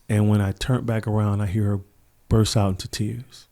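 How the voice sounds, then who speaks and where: A man's voice: lowish voice, steady tone, normal speed, warm tone. A middle-aged man, a podcast guest, telling stories earnestly and reflectively, acting out the people he quotes. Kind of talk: conversational interview storytelling.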